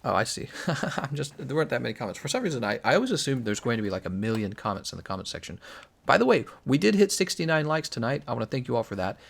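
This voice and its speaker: A man's voice: medium pitch, fast, creaky. A young man live streaming a game, chatting casually and jokingly reading out his chat. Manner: joking, reads chat aloud, animated.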